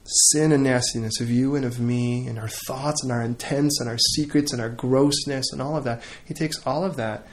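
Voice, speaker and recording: A middle-aged man preaches in an earnest, conversational way, pausing often and restarting his phrases. He then leads a heartfelt closing prayer. His voice sits at an ordinary pitch for a man. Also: steady tone, slight background noise. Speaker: pastor.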